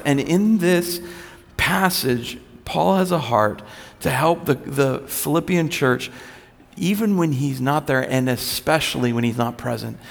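A man's voice: fairly high pitch, vocal fry. Man preaching in an echoing hall. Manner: relaxed, storytelling, self-deprecating humor. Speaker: pastor. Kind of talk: conversational sermon. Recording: long reverb of a large hall.

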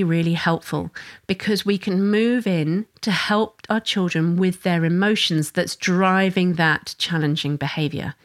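A mother and parenting educator giving an earnest, flowing solo talk, often restarting her sentences. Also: fairly low pitch. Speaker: mother of a young son.

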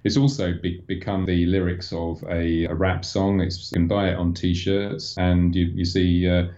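A man, a guest from an advertising agency, explaining things after halting, stammering starts. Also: deep voice, level tone, warm tone, highs cut off. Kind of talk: casual conversational interview.

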